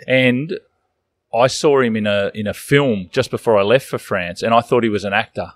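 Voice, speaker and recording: A man, a guest coach, relaxed and chatty, telling stories with a laugh. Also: fairly low pitch, moderate pace. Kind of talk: casual interview chat.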